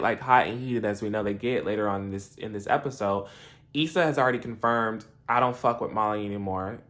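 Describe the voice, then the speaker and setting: A young man casually recapping a TV episode, animated and laughing, acting out the characters' lines. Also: fairly low pitch. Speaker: TV episode reviewer.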